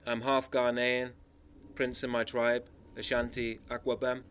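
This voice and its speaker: A man's voice: mid-range voice, completely flat delivery, a little slow, a bit bright, a little hiss or hum. A man from the Isle of Man telling travel stories in a rambling, emphatic monologue. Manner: rambling, emphatic storytelling with frequent restarts. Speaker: travel vlogger. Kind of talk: casual monologue.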